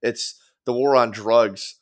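A man's voice: mid-range voice, steady tone, slow. A young man chatting as a musician guest, rambling and profane, with lots of fillers. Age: young adult. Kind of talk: casual podcast chat.

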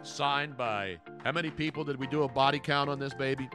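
A man's voice: medium pitch, a little fast, over music. A man hosting a sports podcast in casual chat, brash and opinionated with a joking edge. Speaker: sports radio podcast host.

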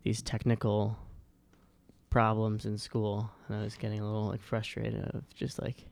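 A man's voice: fairly low pitch, monotone, moderate pace, vocal fry, a little mellow. A man hosting a casual podcast chat, rambling and hesitant with many fillers. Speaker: podcast host.

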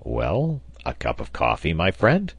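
A man voicing a genial, teasing reporter in a low, slow, coaxing tone. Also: huge pitch swings, gravelly, breathy edge, no echo, heavily acted. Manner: low, drawn-out, gently coaxing. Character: genial, teasing middle-aged male reporter.

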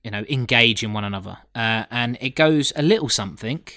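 A man's voice: mid-range voice, fairly quick, pushed and bright, no room sound. Guy hosting a podcast, jokey, lots of ums and uhs, dry mic. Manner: lots of fillers, jokey, swears. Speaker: podcast host. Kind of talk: casual chat reviewing a TV episode.

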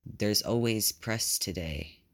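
A man doing a curt, gruff young setter. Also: fairly low pitch, slow, fairly bright tone, dry recording, clean studio sound.

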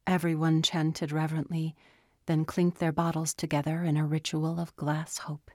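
A woman reading a novel aloud as narrator, slow and measured. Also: low voice, little pitch movement, mellow, dry recording, studio quality. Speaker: audiobook narrator. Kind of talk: scripted narration.

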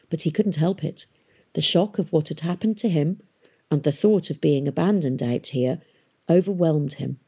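Husky, mellow woman reading a novel aloud. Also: sits low. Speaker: audiobook narrator. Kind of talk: scripted narration.

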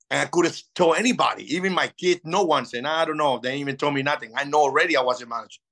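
A man in his fifties, a native Spanish speaker, telling lively stories in a casual interview and acting out old conversations. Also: a little high, fast talker, vocal fry, poor audio. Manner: animated, acts out past dialogue. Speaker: interview guest.

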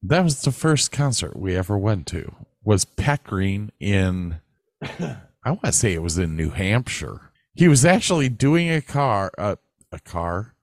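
A man's voice: on the low side, very animated, measured pace, no room sound, clean studio sound. A man co-hosting a podcast, telling rambling stories in casual chat and swearing freely, with a northern US accent. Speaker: podcast co-host. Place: Texas.

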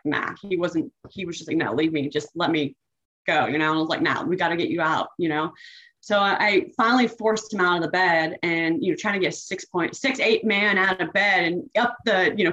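A woman guest on an interview, recounting a painful personal story in a halting, emotional way with many fillers. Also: mid-range voice, fairly bright tone. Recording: dull lo-fi audio.

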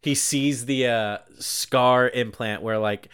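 A man's voice: medium pitch, fairly even intonation, slow pace, fairly bright tone, clean tone, no room sound, studio quality. Rambling young man recapping a movie. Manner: rambling, heavy use of "like", acts out quotes. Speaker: podcast co-host. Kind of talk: casual movie recap chat.

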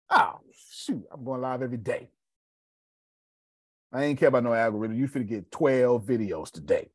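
A man hosting a live video show, talking casually with animated, preachy energy. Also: mid-range voice, normal speed, pauses often, dry recording, studio quality. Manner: animated and preachy, with Southern Black American slang. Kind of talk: casual live-stream talk.

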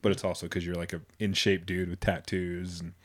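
A man's voice: deep voice, level tone, a little fast. A man hosting a casual podcast chat, rambling and loose, swearing casually as he talks. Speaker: podcast host. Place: Boise area, United States.

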